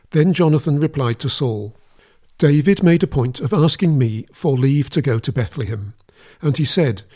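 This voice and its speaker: A man giving a steady, measured scripted reading of a Bible passage. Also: medium pitch, breathy edge. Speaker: scripture reader.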